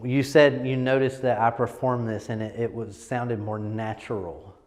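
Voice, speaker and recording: A man's voice: medium pitch, little pitch movement, moderate pace, darkish tone, big-room sound. A man coaching a group on presentation, talking casually and emphatically and often checking in with "right?". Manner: emphatic, repeats words, lots of "right?". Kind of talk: casual teaching talk.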